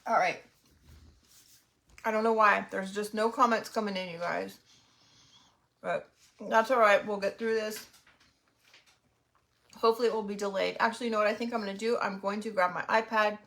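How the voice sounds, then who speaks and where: A woman's voice: mid-range voice, fairly even intonation, moderate pace, creaky, long pauses, fairly bright tone. A middle-aged woman hosting a craft livestream, chatting casually and greeting viewers while snacking. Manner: chatty and friendly, talks while eating.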